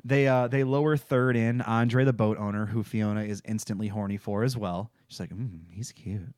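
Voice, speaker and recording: A man's voice: lowish voice, level tone, moderate pace, darkish tone, clear, resonant tone, no room sound, studio quality. A man co-hosting a podcast, chatting casually about a TV episode with enthusiasm, swearing and laughing often. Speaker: podcast host. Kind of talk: casual TV recap chat.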